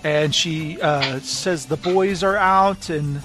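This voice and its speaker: High-voiced man animatedly retelling a story. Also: slow pace, over music. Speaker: podcast co-host. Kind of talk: casual book discussion.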